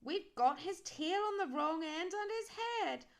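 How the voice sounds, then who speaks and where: A woman voicing a cheerful little male skeleton from a storybook, with a squeaky, excited voice. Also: a little slow, exaggerated voice.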